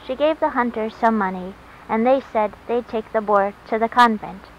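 A woman narrates a short story in a calm, even way. Her voice sits fairly high. The recording is dull and lo-fi, with faint hiss behind it. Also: normal speed. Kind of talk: reading a short story aloud.

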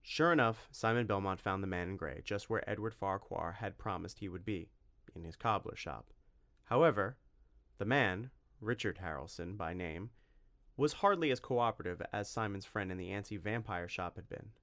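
A man narrating a storybook in an expressive reading voice. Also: on the low side, normal speed. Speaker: audiobook narrator.

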